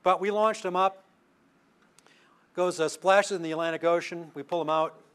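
Older male lecturer, slightly high voice, anecdotal, talky, lots of asides. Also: steady tone, moderate pace, a bit bright, clean tone. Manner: storytelling with asides and restarts. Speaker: lecturing astronomer. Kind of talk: public science talk.

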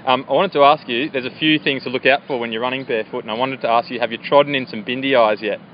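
An Australian man hosting a casual outdoor interview, chatty, with lots of fillers and quick agreements. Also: medium pitch, fairly even intonation. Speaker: host. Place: outdoors by a river path. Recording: dull lo-fi audio with faint outdoor noise.

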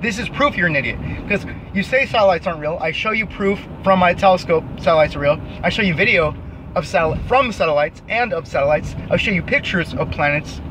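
A young man with a high voice rants to the camera in a scornful, cursing tone and hammers the same insult again and again. He talks outdoors, and the noise of traffic running nearby comes through clearly under every sentence. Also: brisk. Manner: profane, scornful, repeats himself. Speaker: vlogger. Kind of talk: angry rant to camera. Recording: noisy outdoor recording near traffic.

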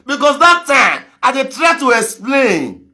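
A man with a Nigerian Pidgin accent ranting on a live video, mocking others with frequent laughter and sudden shouts. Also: extremely high pitch, big pitch swings, measured pace. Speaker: social media commentator.

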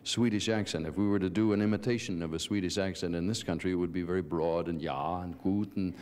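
Chatty TV host, lower voice. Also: male voice, steady tone, quick pace, darkish tone. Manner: joking, chatty. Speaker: TV show host. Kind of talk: televised interview. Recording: 1970s TV broadcast.

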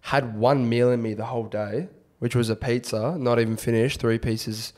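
Young male co-host, mid-pitched, easygoing, slangy storyteller in casual chat. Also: steady tone, normal speed, a little mellow. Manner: laid-back storytelling, slangy. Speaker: podcast co-host.

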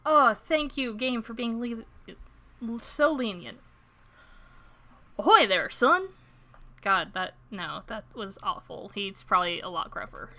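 Bright, chatty woman streamer. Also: on the high side, measured pace. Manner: chatty and self-deprecating. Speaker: game streamer. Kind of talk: let's-play commentary.

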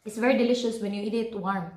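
A woman's voice: medium pitch, quick pace, a little mellow. A woman hosting a casual mukbang vlog, eating between words and chatting to her viewers. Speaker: vlogger. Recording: roomy echo.

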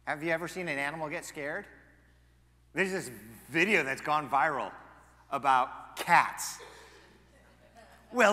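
Animated high-voiced male preacher, echoey hall. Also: unhurried, pauses often. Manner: animated, swings between loud emphasis and quiet asides. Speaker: pastor. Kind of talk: sermon. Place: church sanctuary.

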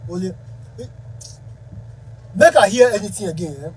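A high-voiced man with a Ghanaian Pidgin accent delivers a heated, confrontational rant straight to camera. He keeps circling back to the same accusations, and faint noise hums behind him. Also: lively intonation, moderate pace, rough recording. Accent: Ghanaian Pidgin English. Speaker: musician.

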